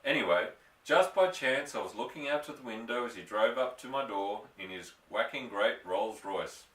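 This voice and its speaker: A man reading a storybook aloud, voicing an excitable, indignant little elderly country doctor. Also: moderate pace, far from the mic, close to an everyday voice. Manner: indignant, excitable, raised higher voice. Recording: echoey room, voice off-mic.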